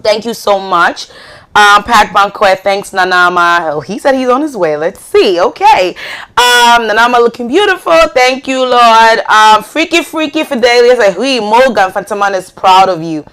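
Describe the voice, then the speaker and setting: A woman from Ghana hosting a live call-in show, chatting casually, laughing and reading out viewer comments and shout-outs with many fillers. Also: on the high side, normal speed, clear, resonant tone.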